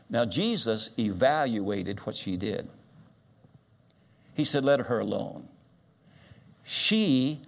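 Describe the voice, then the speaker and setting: An older man delivering a sermon from the pulpit. His voice sits at an ordinary pitch but keeps rising to loud, stretched-out peaks, then drops back to a hush. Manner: dynamic preaching, swings loud and soft. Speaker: guest preacher.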